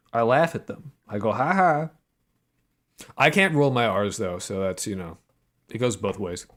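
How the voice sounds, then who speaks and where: A man with a lowish voice runs a casual livestream, bantering with viewers and reading their messages out loud. He jokes freely and swears often. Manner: joking, profane, reads chat aloud. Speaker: game dev streamer.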